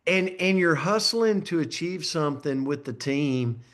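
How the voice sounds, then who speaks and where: A man's voice: fairly high pitch, lively intonation, a little slow, fairly bright tone. A man leading a company video call, effusively congratulating a team member and hyping up the audience. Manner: enthusiastic, effusive, hype-building. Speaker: network marketing company leader.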